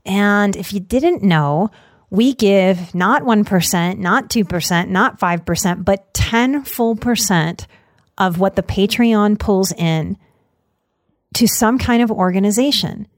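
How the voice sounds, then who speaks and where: A woman hosts her show and talks to her listeners in an earnest, heartfelt way. Her voice sits at a middle pitch. It is recorded dry and close, with no room sound. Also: slow pace, no room sound. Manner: earnest, emotional, choked up at times. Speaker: podcast host. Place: Denver.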